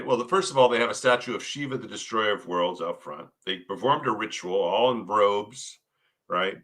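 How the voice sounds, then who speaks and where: A man's voice: on the low side, bright, forceful tone. A male guest on a podcast explaining his views in an earnest, conversational way, often tagging "right?" onto his points. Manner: earnest, keeps asking "right?". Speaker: podcast guest, paranormal author. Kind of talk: conversational interview.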